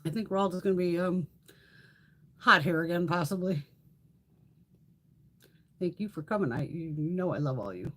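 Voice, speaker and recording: A woman's voice: on the low side, normal speed, long pauses. A middle-aged woman hosting a beauty livestream, chatting casually with viewers, swearing freely and laughing often.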